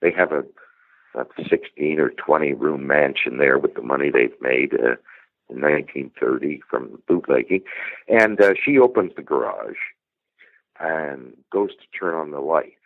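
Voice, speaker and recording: Deep-voiced man retelling a crime case. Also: lively intonation, vocal fry, no room sound, narrow, tinny audio. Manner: halting, with many fillers and restarts. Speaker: guest storyteller.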